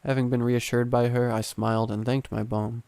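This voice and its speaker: A man narrating a scripted horror story in a calm, steady first-person way. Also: medium pitch, normal speed, creaky, no echo.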